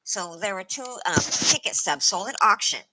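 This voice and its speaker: A woman's voice: mid-range voice, animated, normal speed, bright, forceful tone, rough recording. A woman hosting a casual trivia stream, playful and laughing often as she reads out chat.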